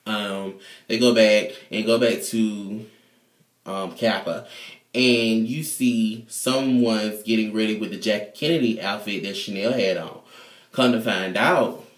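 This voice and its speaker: A man casually recapping a TV episode in an animated, slangy, profane way. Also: fairly low pitch, measured pace. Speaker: TV show reviewer. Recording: echoey room.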